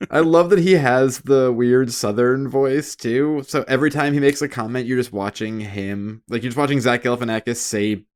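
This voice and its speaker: A man co-hosting a casual podcast, animated and laughing as he quotes lines from a show. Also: mid-range voice, normal speed. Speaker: podcast co-host.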